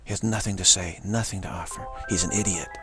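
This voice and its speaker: A man's voice: low voice, steady tone, quick pace, music in the background. A man giving an informal religious sermon as a spiritual teacher, rambling and repeating himself, with emphatic declarations. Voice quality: gravelly, husky voice. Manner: rambling, repetitive, with many restarts and emphatic declarations.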